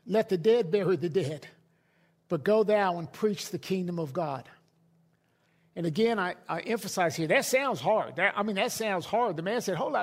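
High-voiced male pastor preaching. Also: husky. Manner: conversational preaching with repeated restarts. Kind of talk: sermon. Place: church hall.

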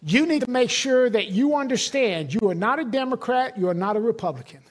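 A man's voice: very high voice, lively intonation, brisk. A middle-aged man, a pastor, preaching a sermon in a conversational, emphatic way with personal stories.

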